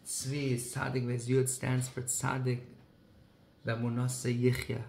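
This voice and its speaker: A man's voice: medium pitch, completely flat delivery, measured pace, vocal fry, darkish tone. A man speaking as a rabbi, telling a story with emphasis and weaving in Hebrew and Yiddish phrases. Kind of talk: heartfelt storytelling talk. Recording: echoey room with faint ambient noise.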